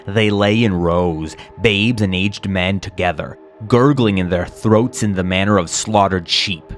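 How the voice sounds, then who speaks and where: A man solemnly reading a historical chronicle aloud in a grave, measured, mournful way. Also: on the low side. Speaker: narrator. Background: faint music.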